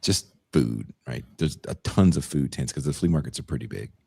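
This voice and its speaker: A man's voice: rumbling low, animated, brisk, vocal fry, a little mellow, husky. A young man co-hosting a podcast, telling stories in casual chat, swearing freely and acting out the people in them. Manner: profane, storytelling, mimics people in dialogue. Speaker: podcast co-host.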